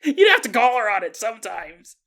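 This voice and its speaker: A man hosting a podcast, telling a story in a casual, animated way and joking and laughing as he goes. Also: very high-pitched, fairly quick, gravelly. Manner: animated, jokey, laughs often. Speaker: podcast host.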